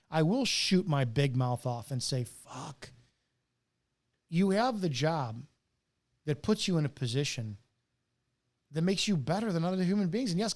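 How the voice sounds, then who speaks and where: A middle-aged man, a retired police officer, delivering a bitter, profane, preachy rant with hard stressed words. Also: high-pitched. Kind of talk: ranting monologue to camera.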